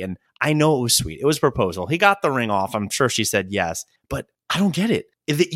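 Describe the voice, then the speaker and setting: Animated man telling stories on a podcast. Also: no echo. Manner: animated storytelling, jumps into high squeaky voices for quoted people. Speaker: podcast host. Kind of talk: solo comedic podcast monologue.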